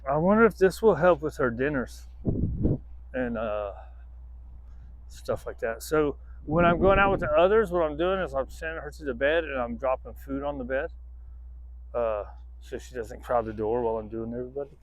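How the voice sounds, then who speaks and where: A man's voice: medium pitch, normal speed, no echo. A man training a dog outdoors, rambling casually to the camera, swearing freely and breaking off to give the dog commands.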